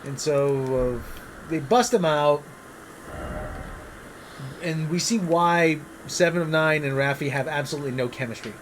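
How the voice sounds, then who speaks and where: A man's voice: on the high side, unhurried, long pauses, slight background noise, poor audio. A man co-hosting a casual show, rambling with frequent restarts. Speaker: co-host. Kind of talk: casual podcast chat.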